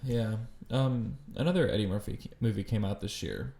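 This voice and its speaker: A man's voice: on the low side, normal speed, vocal fry, dark tone, echoey room. A man co-hosting a movie podcast, mostly listening and giving dry, brief reactions. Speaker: podcast co-host. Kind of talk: casual chat.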